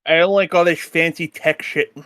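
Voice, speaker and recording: A man voicing a gruff male hacker who dislikes fancy tech, speaking bluntly and offhand. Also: a little high, fairly even intonation, moderate pace, a bit bright, no echo, natural voice. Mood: dismissive.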